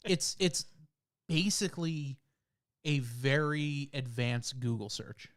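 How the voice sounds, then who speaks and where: A man's voice: mid-range voice, takes it slowly. A young man co-hosting a podcast in casual chat, easygoing as he explains things plainly. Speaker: podcast co-host.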